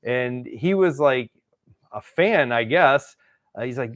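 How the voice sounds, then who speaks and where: Hosting his channel, a man from Wisconsin tells a long, rambling story, laughing often and performing the quotes. His mid-range voice is a bit bright and moderately paced, recorded dry with clean studio sound.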